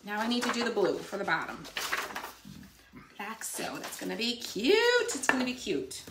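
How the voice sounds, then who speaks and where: A woman hosting a casual crafting livestream, telling stories in a chatty, animated way. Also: mid-range voice, normal speed, roomy sound, very noisy. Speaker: craft channel host.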